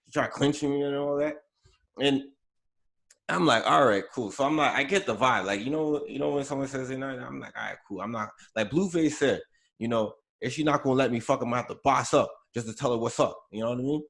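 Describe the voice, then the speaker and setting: A man's voice: mid-range voice, fairly quick. A young man hosting a podcast in casual chat, laid-back and slangy, with lots of "you know" fillers. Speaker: podcast host.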